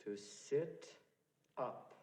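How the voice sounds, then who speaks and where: An actor playing an excitable young male doctor in a 1970s comedy film, theatrical, swinging from hushed calm to wild shouting. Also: extremely slow. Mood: triumphant. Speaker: young doctor reviving a creature.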